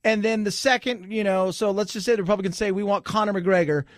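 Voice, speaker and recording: A man's voice: sits high, steady tone, fast, dry recording, studio quality. A middle-aged man hosting a radio talk show, chatting casually with joking, sarcastic asides. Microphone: studio microphone.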